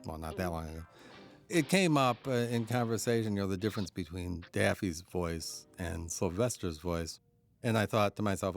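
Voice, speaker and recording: A man's voice: low-pitched, brisk, faint music behind. A man giving a chatty DVD audio commentary as a film historian, chuckling often as he explains. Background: faint cartoon soundtrack.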